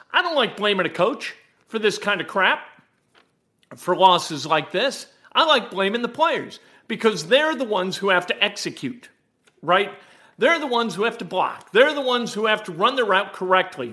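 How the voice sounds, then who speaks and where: A man hosting a sports talk show, giving emphatic, animated opinions on a football game. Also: high-pitched. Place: home.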